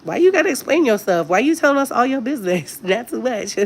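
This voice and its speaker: A woman's voice: a little high, big pitch swings, fast, gravelly, a little hiss or hum. A woman hosting a casual livestream chat, talking candidly and directly to her viewers. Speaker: livestream host.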